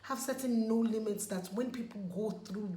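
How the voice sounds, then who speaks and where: A Nigerian woman vlogs casually while removing her makeup, sounding emphatic and pleading and repeating words to stress them. Her voice is a little high and mellow, at a normal speed. The room is echoey, with faint background noise.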